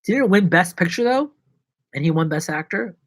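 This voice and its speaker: A young adult man, an actor and vlogger, chatting casually on a live stream in a jokey, rambling way, jumping between loud bursts and low mumbles. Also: animated, moderate pace, no room sound.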